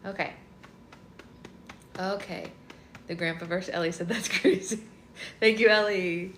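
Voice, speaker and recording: A woman's voice: lowish voice, fairly even intonation, measured pace, a bit bright. Mom doing a chatty live read-along at home, laughs a lot, talks to her baby, room sounds echoey. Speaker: livestream read-along host and mother. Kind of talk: casual livestream chat while minding a baby. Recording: roomy with noisy background.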